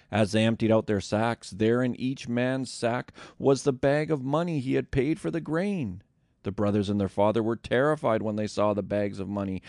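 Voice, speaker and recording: A man narrating scripture in a measured, deliberate scripted reading. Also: medium pitch, gravelly, darkish tone, no echo, clean studio sound. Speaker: scripture reader.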